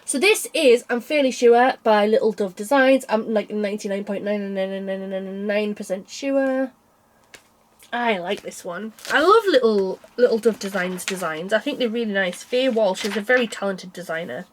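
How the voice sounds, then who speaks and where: A woman's voice: mid-range voice, moderate pace. A young woman chatting casually about cross stitch designs, tired and yawning, rambling with small laughs. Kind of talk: casual chat.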